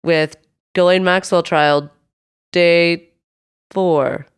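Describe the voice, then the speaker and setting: A woman's voice: lowish voice, fairly even intonation, drawn-out words, smooth. A woman co-hosting a podcast in casual chat, playful and chatty, stretching words for emphasis. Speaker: podcast co-host.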